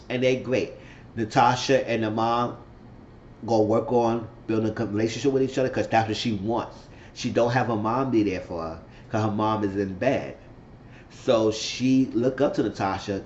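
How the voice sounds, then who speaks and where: A man giving a casual recap of a reality-show episode. He talks in an animated way and acts out the people he quotes. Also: on the low side, echoey room, dull audio, slight background noise. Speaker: YouTube reality-show reviewer.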